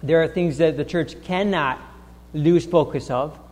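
High-pitched male preacher, lots of um and restarts, big echoey church sound. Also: darkish tone. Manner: halting, with many restarts and fillers; grows emphatic and insistent. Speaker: pastor. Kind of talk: sermon. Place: church sanctuary.

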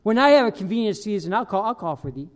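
A man preaching a sermon as pastor, emphatic, swinging between loud bursts and quiet dropped lines. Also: high voice, expressive, quick pace.

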